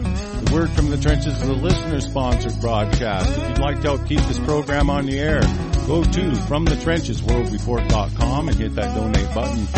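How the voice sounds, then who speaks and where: A man hosting a small talk radio show, ranting with constant swearing, swinging between low muttering and angry bursts. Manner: profane, shouting in bursts, mumbling asides. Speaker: radio host.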